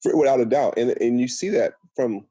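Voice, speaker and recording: A middle-aged man from Seattle, telling stories as a podcast guest in a lively way and acting out what others said. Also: medium pitch, fairly quick, husky, dry recording. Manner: animated storyteller acting out quotes. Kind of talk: casual podcast storytelling.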